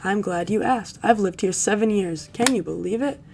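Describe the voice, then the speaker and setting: A blunt retiree in her late sixties, brash and gossipy, read out by a woman streamer. The read stays dry and matter-of-fact, with a gravelly creak in the voice. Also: mid-range voice, normal speed, darkish tone, lightly acted.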